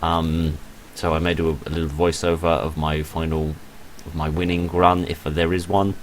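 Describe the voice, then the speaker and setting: With a bass voice that barely shifts in pitch, this man narrates his gameplay at normal speed over slight background noise. He says he's tired and half asleep, and his casual commentary wanders, chatty and self-deprecating.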